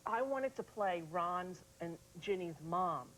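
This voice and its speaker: A middle-aged woman hosting a studio talk show, playful and animated, slipping into silly voices. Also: fairly low pitch, slow, slight background noise, poor audio.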